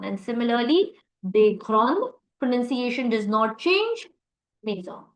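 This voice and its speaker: A woman's voice: high-pitched, pushed and bright, echoey room, poor audio. A woman teaching a live online French class, encouraging students and praising them often. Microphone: video call.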